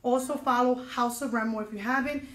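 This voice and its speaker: A woman's voice: a little high, fairly even intonation, brisk, fairly bright tone, roomy sound. A woman instructor leading an online step dance lesson, counting out beats and encouraging her students, a little out of breath, in a dance studio. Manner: upbeat and encouraging, counts aloud.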